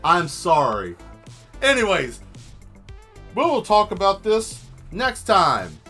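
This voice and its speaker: A man's voice: high-pitched, wildly swooping pitch, slow, pushed and bright, slightly rough, faint music behind. A man hosting a painting livestream, chatting casually with viewers in a rambling, joking way. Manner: rambling, joking, answers the chat.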